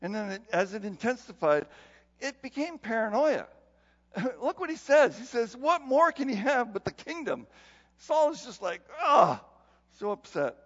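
Man preaching, high lively voice, chuckling, muffled church echo. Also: normal speed. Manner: animated, laughs often, acts out quotes. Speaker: pastor. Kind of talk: conversational sermon. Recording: dull sound with long hall reverb.

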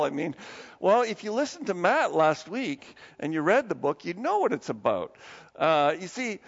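A man preaching a sermon in a fairly high, gravelly voice. He tells stories with animated energy. The sound is dull and carries a long church reverb. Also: moderate pace. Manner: storytelling, grows animated with raised pitch when quoting; soft, low prayer voice. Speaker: pastor. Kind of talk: sermon with opening prayer. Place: church sanctuary.

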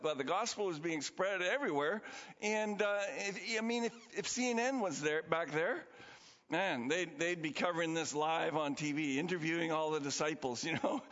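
A man preaching a sermon as pastor in a chatty, animated way, laughing often. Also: sits high. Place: church sanctuary. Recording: dull lo-fi sound in a reverberant hall.

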